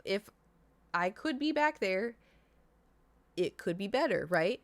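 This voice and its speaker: A woman's voice: medium pitch, slow, pauses often, dry recording. Rambling young woman telling a story. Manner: rambling, animated, frequent fillers and restarts. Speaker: streamer. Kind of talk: casual storytelling chat.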